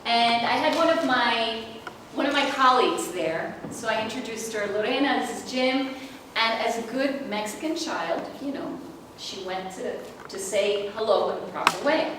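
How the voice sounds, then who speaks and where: Woman, middle-aged, workshop trainer, lively, slightly high voice, very echoey room. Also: normal speed, few pauses. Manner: lively, laughs often, asks the audience questions. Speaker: intercultural trainer. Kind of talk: presenting a workshop. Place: meeting room with an audience. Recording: echoey room, distant mic, background noise.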